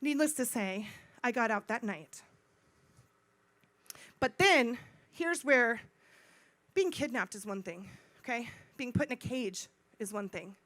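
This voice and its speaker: A middle-aged woman speaking at a conference, telling a personal story in an animated way, acting out dialogue and repeating phrases for emphasis. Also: on the high side, slow, long pauses, dry recording. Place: conference stage.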